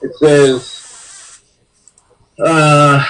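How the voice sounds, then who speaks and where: A man's voice: fairly high pitch, expressive, measured pace, low-quality recording. A young man co-hosting a casual podcast, blunt and profane, reacting to the news with disbelief. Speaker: podcast co-host. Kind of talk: casual chat.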